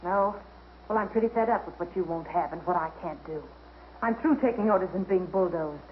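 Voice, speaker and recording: A woman's voice: lowish voice, fairly quick, natural voice. A woman plays a young mother in an old film who stands her ground and speaks firmly and plainly. Her voice sounds a little muffled and dull, with a faint hiss behind it. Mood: defiant. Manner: firm, defiant. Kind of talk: 1940s film acting.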